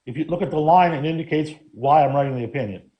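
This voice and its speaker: A man's voice: a little high, fast talker, lo-fi sound. A man serving as law director, speaking firmly and defensively in a council meeting debate. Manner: firm, defensive, lawyerly.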